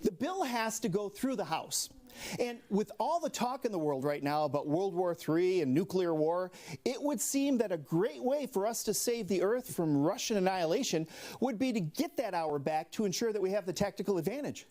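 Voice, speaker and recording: Midwestern man with a lively joke-telling voice. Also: high-pitched, moderate pace. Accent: Upper Midwest American. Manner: chuckles at his own jokes. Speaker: late-night comedy host. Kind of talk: deadpan monologue jokes.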